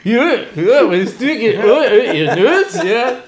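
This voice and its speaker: A man's voice: high voice, unhurried, crowd noise. A man, a rabbi and Torah teacher, telling stories in an interview with lots of jokes and laughter. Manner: joking, animated, laughs often. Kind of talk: humorous interview talk.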